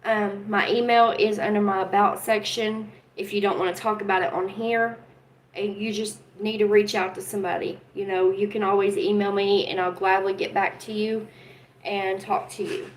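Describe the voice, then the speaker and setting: A woman's voice: mid-range voice, flat delivery, normal speed, a little hiss or hum, rough recording. A woman hosting a casual livestream from home, talking earnestly and with feeling to her chat viewers. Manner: earnest, emotional, talks straight to chat viewers. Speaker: livestream host.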